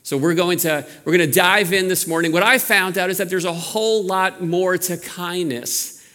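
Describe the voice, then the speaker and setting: New York pastor preaching in a hall. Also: male voice, sits high, fairly even intonation, normal speed, sharp tone. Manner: storytelling, conversational with frequent restarts. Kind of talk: sermon.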